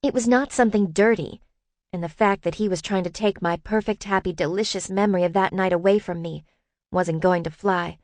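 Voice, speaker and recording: A woman narrating a first-person audiobook in a lively, expressive reading. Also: lowish voice, fairly quick, no room sound.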